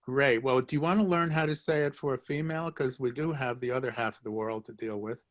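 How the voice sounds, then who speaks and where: A man's voice: mid-range voice, fast. A man teaching a live online language lesson, joking, encouraging and repeating phrases for his students. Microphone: video call.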